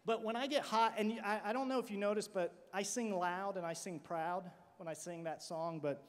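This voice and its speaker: A man giving an energetic keynote speech to students, an animated joking storyteller who swings from shouting to quiet asides. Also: high voice, moderate pace, hardly any pauses. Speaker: motivational speaker. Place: large conference hall. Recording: long hall reverb.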